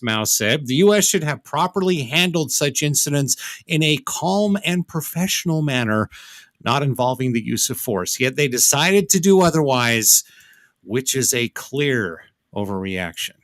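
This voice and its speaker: A man's voice: on the high side, fairly bright tone, no room sound, clean studio sound. A man co-hosting a podcast, reading news items aloud in a casual chat and adding wry, sarcastic asides. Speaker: podcast co-host.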